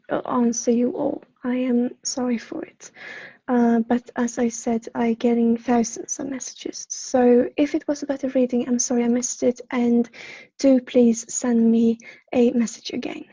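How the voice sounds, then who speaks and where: A woman with a Swedish accent, a psychic counselor chatting on a livestream in a soft, apologetic, halting way with many fillers. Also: on the high side, flat delivery, husky, no echo. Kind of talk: casual livestream chat. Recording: dull lo-fi livestream audio.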